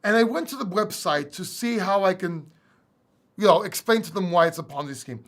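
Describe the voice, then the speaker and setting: A man hosting a casual livestream Q&A, animated and blunt, firing off rhetorical questions and mocking what he dislikes. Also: high-pitched, normal speed. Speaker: crypto channel host.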